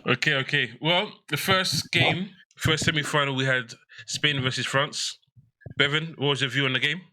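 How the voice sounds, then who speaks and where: A man's voice: fairly high pitch, normal speed, pushed and bright, rough recording. A man hosting a casual football podcast, jokey and playfully teasing. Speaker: podcast host.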